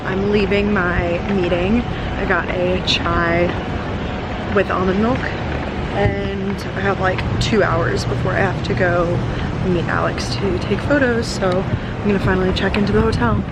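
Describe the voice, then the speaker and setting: Young female vlogger, chatty and excitable, talks to camera at arm's length. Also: mid-range voice, unhurried, very noisy. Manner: chatty, lots of likes, easily excited. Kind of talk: casual chat to camera. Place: apartment and hotel room, indoors.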